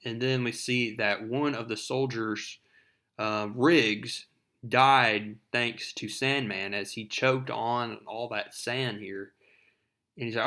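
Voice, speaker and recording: A man's voice: medium pitch, steady tone, unhurried, bright, forceful tone. A man casually retelling a comic book story in a conversational, storytelling way.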